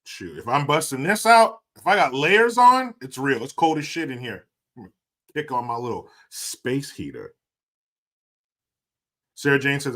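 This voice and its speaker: A man hosts a casual livestream indoors, reading out chat messages with crude jokes and loose swearing. His voice is bright and sharp, and his pitch bounces around with lively animation. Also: moderate pace. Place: indoors, cold room.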